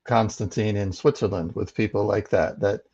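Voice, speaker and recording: A man's voice: fairly low pitch, fairly even intonation, normal speed, darkish tone. A man hosting a casual interview who laughs often and answers with short agreements. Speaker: host. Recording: dull lo-fi sound.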